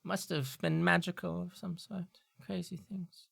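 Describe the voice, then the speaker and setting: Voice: medium pitch, flat delivery, a little slow, creaky, crowd noise, voice pushed up. A game master voicing an eccentric, scatterbrained woman professor of magic who mutters fussily to herself. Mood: airy, musing.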